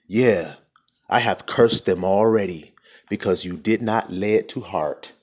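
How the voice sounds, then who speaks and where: Low-voiced blunt, profane male preacher. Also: unhurried, dull audio. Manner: blunt and profane, firing rhetorical questions at listeners. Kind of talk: informal sermon.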